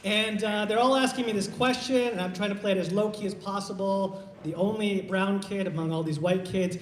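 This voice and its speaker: A man from Iowa doing a stand-up set, low-key and halting with lots of fillers, into a stage mic at a live show. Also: steady tone. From Iowa, USA. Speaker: stand-up comedian. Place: live comedy show in a hall. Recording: roomy hall reverb.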